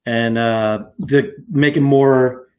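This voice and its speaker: A man's voice: medium pitch, steady tone, slow pace, dull audio. A man co-hosting a wrestling podcast, talking in a rambling, casual way with many fillers and restarts. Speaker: podcast co-host. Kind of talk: casual chat.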